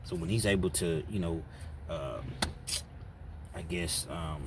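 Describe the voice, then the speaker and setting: Low-voiced man telling a crime story. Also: slow, background noise. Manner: loose, filler-heavy, conversational. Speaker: channel host, storyteller. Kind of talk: casual true-crime storytelling.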